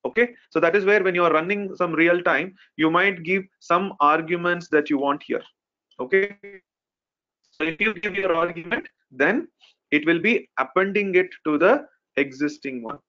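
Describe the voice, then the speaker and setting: A male instructor with a higher voice teaches a live online technical class, explaining things step by step at a moderate pace and often saying "okay" and "right." He's on a video call, and the lo-fi call audio sounds dull.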